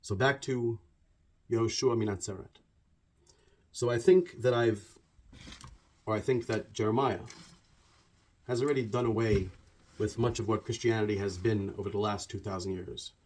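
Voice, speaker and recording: A man delivering a conversational storytelling monologue about religion. He talks in an animated, digressive way and piles up repeated words. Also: fairly low pitch, normal speed, long pauses. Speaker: religious commentator.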